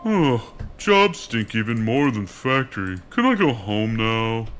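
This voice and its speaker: An actor playing a dim, hungry candy-eating monster who talks slowly and simply. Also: male voice, medium pitch, sing-song, over music. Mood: dopey. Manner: slow, simple-minded.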